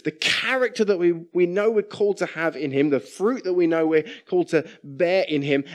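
A middle-aged man preaching a sermon in a conversational way, often asking the congregation questions. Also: high voice.

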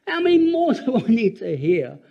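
High, lively older male preacher. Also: normal speed, gravelly, muffled recording. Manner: animated and earnest, with laughing asides and repeated words. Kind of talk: sermon.

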